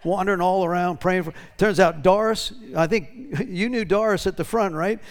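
A man's voice: high-pitched, fairly even intonation, moderate pace. A pastor talking casually to his congregation, drawing out testimonies and often checking in with "right?". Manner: conversational, tag questions.

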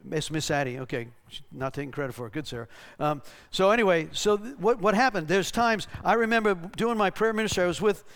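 Speaking fast with few pauses, this male pastor has a high-pitched, fairly bright voice. He preaches a sermon built on anecdotes, chatting casually, checking in with "right?" and performing the voices of the people in his stories.

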